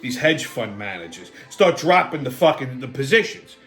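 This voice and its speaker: A man hosting a weekly show, telling blunt, profane comic stories and rants, tagging lines with "okay?" and rapid asides. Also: mid-range voice, big pitch swings, a bit bright, soft background music. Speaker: host. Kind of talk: profane comedic weekly rant.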